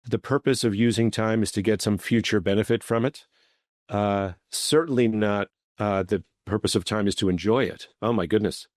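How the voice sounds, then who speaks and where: A man hosting a podcast interview thinks aloud, searching for the right words and trying out phrases as he goes. His voice is on the lower side. The sound is close and dry. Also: steady tone, normal speed, no echo. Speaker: podcast host. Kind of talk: casual interview chat.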